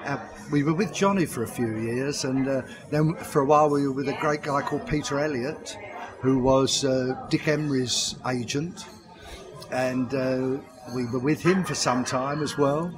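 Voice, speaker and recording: A man's voice: medium pitch, moderate pace, over music. Older man telling chatty anecdotes. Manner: chatty storyteller who laughs often at his own anecdotes. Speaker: guest, comedy performer and pantomime writer. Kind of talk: anecdotal interview chat.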